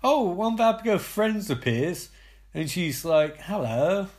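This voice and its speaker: A man giving a sweary comedic recap, mocking the scenes and swinging between high squeaks and low growls. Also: lively intonation, unhurried.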